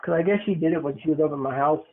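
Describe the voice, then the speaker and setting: Young male podcast host, playful teaser, higher voice, phone-quality audio. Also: racing. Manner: teasing, joking storyteller. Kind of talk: casual podcast chat. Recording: tinny phone-like sound.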